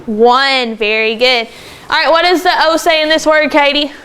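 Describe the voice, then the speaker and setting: A woman teaching a second grade phonics lesson in a classroom, brisk and encouraging as she calls on pupils by name. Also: high voice, steady tone, fairly bright tone, slight background noise. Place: classroom with children.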